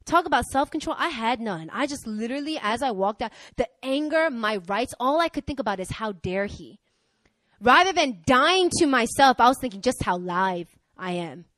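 Bright, animated woman preaching. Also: fairly high pitch, fairly quick, few pauses, no echo. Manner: animated, acts out dialogue, candid. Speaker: preacher, pastor's wife. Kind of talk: sermon with personal storytelling.

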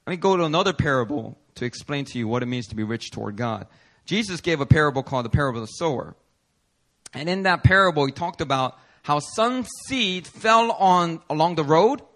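Animated bright-voiced male preacher. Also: fairly high pitch, brisk. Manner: animated, playful, uses slang. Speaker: pastor. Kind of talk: sermon.

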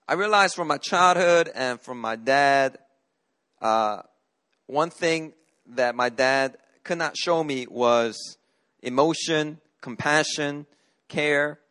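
A man's voice: a little high, slow pace, long pauses, a bit bright. A middle-aged man from Korea, a pastor preaching a sermon, telling a personal story in an earnest way with frequent restarts.

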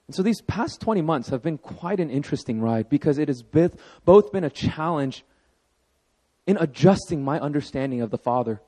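A man in his thirties preaching a sermon as pastor, telling a personal story with animated emphasis. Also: fairly high pitch, moderate pace.

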